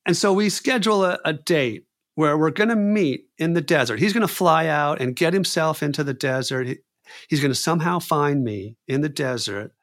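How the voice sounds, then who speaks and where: Animated man telling a story. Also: a little high, moderate pace. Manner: animated, repeats words and phrases, acts out quoted voices. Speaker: clown performer telling a story. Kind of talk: personal storytelling.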